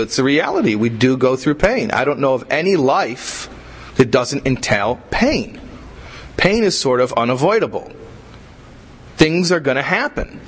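A man's voice: medium pitch, a bit bright, rough recording. A man teaching a religious class in a conversational way, repeating himself and asking rhetorical questions. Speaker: Torah teacher.

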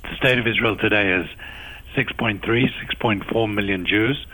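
Appearing as a radio interview guest, a South African-accented agency official answers in a measured, explanatory manner, setting out his points one at a time. His voice is fairly low with a sharp tone, and the recording quality is low.

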